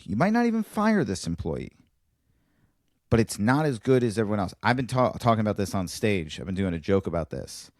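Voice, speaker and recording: In a dry, studio-quality recording, this podcast co-host and comedian tells a stand-up bit in a relaxed way. He voices each line of dialogue himself, leaping up and down in pitch as he animates the story.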